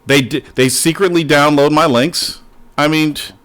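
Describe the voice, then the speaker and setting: A man's voice: on the high side, fairly even intonation, normal speed, a bit bright. Male podcast host, blunt and profane, casual argumentative banter.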